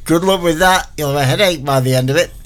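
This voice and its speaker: A man's voice: a little high, fast. A man presenting a radio show, chatting casually between records in a rambling, self-mocking way.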